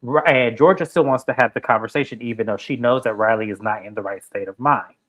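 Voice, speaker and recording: Male recap host, chatty, acts out quotes with big pitch jumps. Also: fast. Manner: animated storytelling, acting out quotes. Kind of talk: casual recap commentary.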